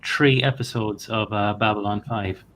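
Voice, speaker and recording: A male guest on a review stream, casually sharing trivia with hesitant pauses. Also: lowish voice, fairly even intonation, a bit bright, a little hiss or hum. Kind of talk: casual discussion.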